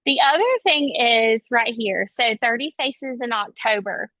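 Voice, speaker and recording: Chatty woman on a webcam call, kinda high voice, dull lo-fi sound. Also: measured pace, dry recording. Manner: chatty, animated, enthusiastic. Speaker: sales team leader hosting a video call. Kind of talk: casual coaching on a video call. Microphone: video call, webcam. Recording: dull lo-fi call audio, dry.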